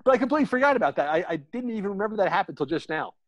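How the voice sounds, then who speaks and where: A man's voice: sits high, sing-song, racing, no echo, dull audio. A man chatting candidly on a video call, telling rambling stories about writing and recording his book. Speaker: author and guest. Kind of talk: casual group chat.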